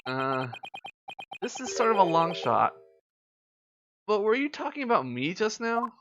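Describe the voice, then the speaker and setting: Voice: mid-range voice, very animated, measured pace, dull audio, background noise, pitched above the performer's own voice. A streamer doing a flustered, stammering young man. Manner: hesitant, stammering, apologetic. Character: flustered young male law student, earnest. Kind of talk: reading visual novel lines aloud. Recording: game music playing behind. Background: game music.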